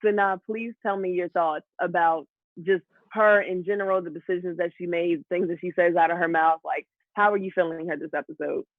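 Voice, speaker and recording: A man hosts a relaxed TV recap chat, his voice pitched high for a man. He steers the panel with questions, and the sound is thin and phone-like with no room in it. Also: brisk, no room sound. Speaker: host. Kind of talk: casual TV recap discussion.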